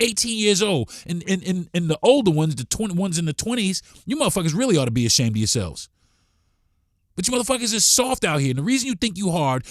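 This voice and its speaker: A man's voice: high-pitched, a bit bright, no room sound, clean studio sound. A man hosting a podcast, delivering a blunt, profane, heated monologue. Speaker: podcast host.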